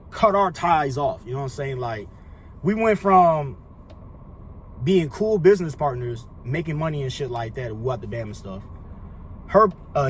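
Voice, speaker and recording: A man's voice: fairly high pitch, a little hiss or hum. A young man telling a casual storytime monologue, rambling and profane, full of slang fillers. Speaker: storyteller vlogger.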